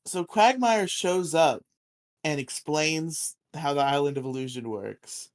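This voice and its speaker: With a fairly high voice and a slightly slow delivery, a man co-hosts a casual podcast. He recaps episodes animatedly, laughing often and acting out characters' lines.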